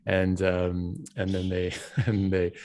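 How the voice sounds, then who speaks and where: A man who is a doctor, a guest on a podcast interview, telling stories in an animated way with frequent restarts. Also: sits low, slow. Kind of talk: casual interview conversation.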